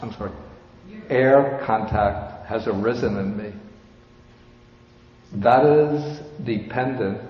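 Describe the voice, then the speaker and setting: A man giving a measured, explanatory Buddhist lecture, with touches of light humor. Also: mid-range voice. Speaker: Buddhist teacher. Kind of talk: dharma lecture. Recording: roomy, dull hall recording.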